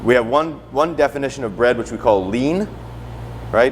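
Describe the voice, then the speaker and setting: A man's voice: medium pitch, animated, normal speed, slight background noise. Casual chatty male cooking instructor. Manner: casual, tags sentences with "right?" and "okay?". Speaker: culinary instructor. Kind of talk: cooking class demonstration. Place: teaching kitchen.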